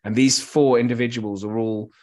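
A man's voice: mid-range voice, fairly even intonation, moderate pace, a little mellow. Guy rambling about a movie, lots of restarts, casual chat. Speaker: film club co-host. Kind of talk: casual film discussion.

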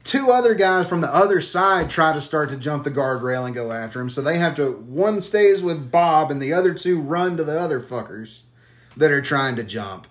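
Profane storytelling podcast man, slightly high. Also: lively intonation, normal speed. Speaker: podcast host. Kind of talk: casual podcast chat.

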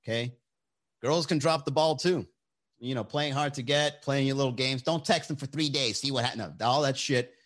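A man's voice: mid-range voice, normal speed. A man hosting casual chat with his viewers, giving blunt, profane, opinionated dating advice. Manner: animated, shifts voice for quotes.

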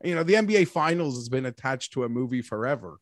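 A man's voice: medium pitch, animated, quick pace, dry recording. Wry rambling man, dry close sound. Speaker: podcast co-host. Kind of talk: casual chat.

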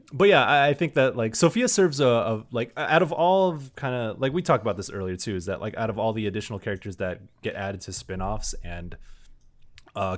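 Man, lowish voice, casual podcast chat, rambling, lots of fillers. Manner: rambling, many fillers and restarts. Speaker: podcast panelist.

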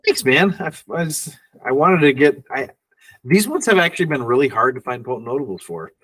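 A man's voice: mid-range voice, animated, fairly quick, a bit bright, slightly rough, recorded from a distance. A man co-hosting a casual film podcast, reading out trivia notes and laughing often. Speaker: podcast co-host.

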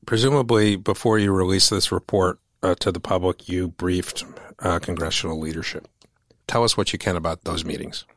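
Deep-voiced male interviewer, direct. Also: fairly even intonation, normal speed, a bit bright, no echo, clean studio sound. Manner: probing, direct questions with brief fillers. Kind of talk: interview questions.

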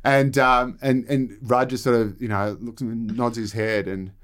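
A man on a political chat show, telling an animated anecdote and slipping into voices. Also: mid-range voice, measured pace. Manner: animated storyteller, puts on voices. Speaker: podcast panelist.

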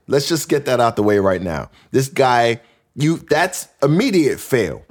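A man hosting a casual comedy podcast who reads listener letters aloud, reacts with plenty of laughter, and keeps up an animated, joking delivery. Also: mid-range voice, measured pace. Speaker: podcast host.

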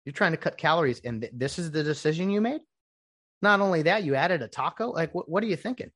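A man voicing a stern male football coach who scolds a player with rapid-fire questions. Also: on the high side, animated, fairly bright tone, dry recording, studio quality, voice pushed up. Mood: scolding.

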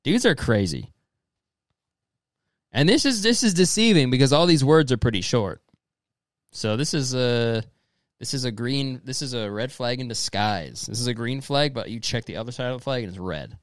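Expressive and moderately paced, a young man goes through messages aloud in loose comedic commentary, profane and rambling, with "dude" in every breath and frequent exaggerated mocking voices. His pitch moves widely between lines, and the audio is dry and close with no echo.

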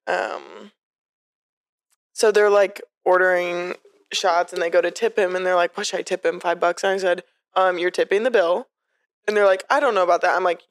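A woman's voice: lowish voice, dry recording, clean studio sound. A young woman co-hosting a podcast, telling stories in casual, swearing chat. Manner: chatty storyteller, swears freely. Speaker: podcast co-host.

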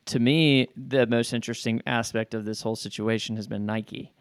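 Measured man on a dry mic. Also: medium pitch, fairly even intonation, dry recording. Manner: measured, reads statements aloud. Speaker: podcast co-host. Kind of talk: casual sports chat.

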